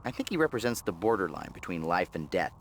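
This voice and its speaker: A man's voice: sits low, very animated, quick pace, slight background noise. An actor voicing a self-assured male AI companion in a video game, who lectures as he explains. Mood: explaining. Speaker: game character.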